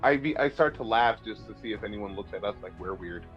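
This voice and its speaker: A man playing a tabletop game, playful and giggly, jumping between pitches. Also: brisk, muffled recording, faint music behind. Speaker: player. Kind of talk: casual tabletop play.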